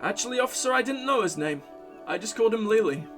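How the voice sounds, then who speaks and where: A guarded young woman from a detective game, soft and offhand as she answers questions, as a man puts her on. The voice sits high and moves freely, with faint music behind it. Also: animated, fast.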